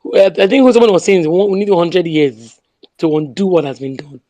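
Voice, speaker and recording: A woman's voice: fairly low pitch, lively intonation, fairly quick, warm tone. Impassioned Nigerian woman rallying listeners. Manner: emphatic, repeats slogans, mixes in pidgin. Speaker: speaker in an online audio room. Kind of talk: impassioned political speech.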